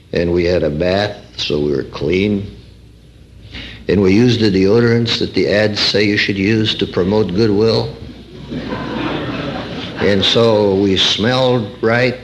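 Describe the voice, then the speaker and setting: A man's voice: lowish voice, a bit bright. A middle-aged man preaching a sermon, telling a personal anecdote in a folksy way with wry humor and rhetorical questions to his listeners. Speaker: preacher and counselor.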